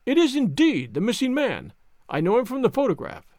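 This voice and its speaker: Guy putting on a loud jolly old-school police inspector, high and bouncy, dry sound. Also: huge pitch swings, brisk, dry recording, exaggerated voice. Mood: astonished. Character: blunt hearty male police inspector, veteran.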